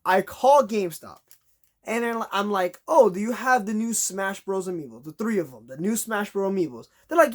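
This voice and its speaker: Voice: medium pitch, expressive, moderate pace. A vlogger telling a long, exasperated story in a casual rant, acting out conversations in a raised voice.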